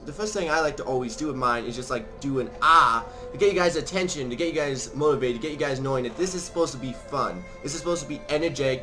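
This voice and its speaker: A man hosting a strategy game let's play, talking quickly and chattily to his viewers and playing with theatrical voices. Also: mid-range voice. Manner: theatrical, changes voices for fun. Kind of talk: casual gaming commentary.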